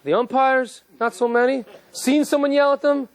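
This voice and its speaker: A man, a rabbi, giving an animated, joking lecture and quizzing his live audience. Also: very high-pitched, normal speed.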